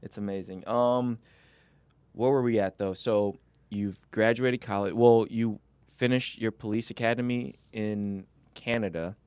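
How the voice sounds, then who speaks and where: Chatty, low-voiced man host. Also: steady tone, measured pace, a little mellow, clean tone, no room sound. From Chicago, US Midwest. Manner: rambling, chatty, laughs often. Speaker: podcast host. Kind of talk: casual interview chat.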